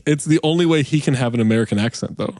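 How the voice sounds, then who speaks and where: A man co-hosting a podcast, trading quick, laughing banter in casual comedic chat. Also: mid-range voice, a little mellow, dry recording, clean studio sound. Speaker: podcast co-host.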